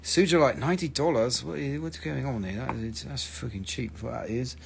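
A man's voice: medium pitch, brisk, creaky, a little hiss or hum. A man hosting a casual live stream that sells minerals, talking loosely and joking around, swearing now and then and spelling out stone names, on a phone mic.

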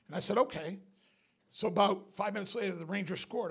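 Raspy, high-voiced profane stand-up comic. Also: male voice, a little fast. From Binghamton, New York. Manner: profane, animated, shouts punchlines. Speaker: stand-up comedian. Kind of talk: stand-up storytelling. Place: comedy club stage with live audience. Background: audience laughter.

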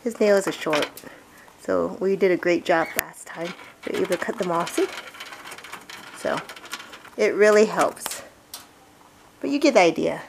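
A woman's voice: lowish voice, measured pace, vocal fry, long pauses, noisy background. Chatty woman coaxing her pet. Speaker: pet owner demonstrating. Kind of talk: casual how-to vlog.

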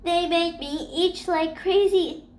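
A woman reading aloud and voicing an excitable young dog who cries out in a picture-book story. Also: extremely high pitch, slow pace, echoey room, a little hiss or hum, pitched above the performer's own voice. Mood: panicked.

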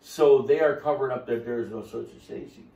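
A man's voice: mid-range voice, fast talker, gravelly, dark tone, reverberant, recorded from a distance. A man telling his story on a podcast, boisterous and rambling, with a salesman's flourish. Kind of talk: casual chat.

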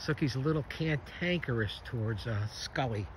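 A man's voice: mid-range voice, normal speed, noisy background. A man who sits dogs, talking casually as he walks them through the woods and calls them to play fetch. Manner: coaxing, chatty, calls to dogs. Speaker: dog sitter. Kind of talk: casual vlog narration to dogs. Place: woods outdoors.

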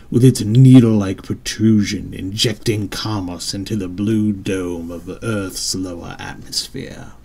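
A man narrating his own audiobook in a measured, descriptive storytelling manner. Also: fairly low pitch, a little mellow, husky. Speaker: author and narrator.

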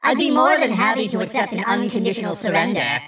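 A woman's voice: mid-range voice, animated, quick pace, fairly bright tone, recorded from a distance, lightly acted. A woman voicing a smug, condescending female necromancer villain who taunts her foe. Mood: taunting.

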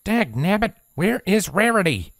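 A man's voice: sits high, big pitch swings, unhurried, vocal fry, fairly bright tone, no room sound, clean studio sound, pitched above the performer's own voice, full character voice. A man doing a folksy country farm mare. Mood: impatient. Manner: folksy and plainspoken.

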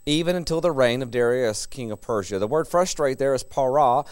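A man's voice: mid-range voice, a little fast, darkish tone, clean tone, no echo, clean studio sound. A middle-aged man preaching a sermon in a conversational way, chuckling between his points.

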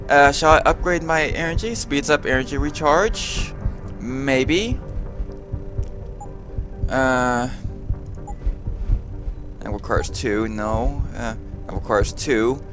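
A man giving casual let's-play commentary, excitable and quick to exclaim. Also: medium pitch.

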